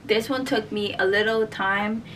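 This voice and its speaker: A woman's voice: medium pitch, fairly even intonation, unhurried. A young woman chatting casually in a vlog, gushing and talking to viewers like friends. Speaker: vlogger. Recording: camera mic from a distance, noisy.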